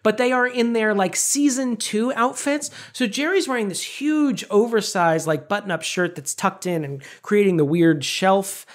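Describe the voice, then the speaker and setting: Podcast co-host, animated storyteller, acts out quoted lines, casual chat. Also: medium pitch, normal speed, hardly any pauses. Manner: casual swearing.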